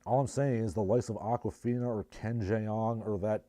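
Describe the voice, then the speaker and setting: A man's voice: fairly low pitch, brisk, hardly any pauses, warm tone, dry recording. A man with a New Jersey accent hosting a casual livestream, reading chat messages and riffing with sardonic, rambling asides. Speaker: livestream host.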